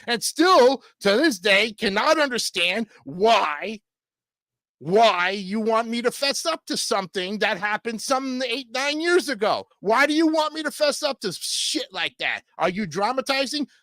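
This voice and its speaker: A man's voice: high-pitched, bright, forceful tone, no echo, clean studio sound. A man hosting a livestream show, delivering combative, crude political commentary and repeatedly asking his audience "okay?".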